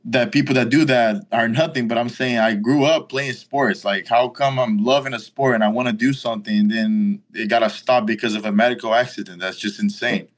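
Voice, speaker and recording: A man's voice: medium pitch, a little fast, few pauses. A young man in his twenties from Brazil, with a Brazilian accent and Portuguese as his first language, telling a story casually as an interview guest and acting out the dialogue. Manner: animated retelling, acting out quoted dialogue, frequent "like".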